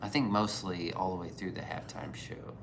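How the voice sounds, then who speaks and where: A man streaming a casual chat, rambling and swearing freely, often trailing off into quiet mumbles as he reads chat messages. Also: low voice, moderate pace, gravelly, slight background noise.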